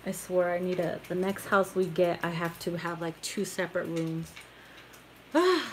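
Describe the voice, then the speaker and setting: A woman's voice: fairly low pitch, moderate pace. Chatty woman tarot reader, giggly, swears freely, slight background hiss. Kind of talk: casual live tarot reading. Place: home tarot room.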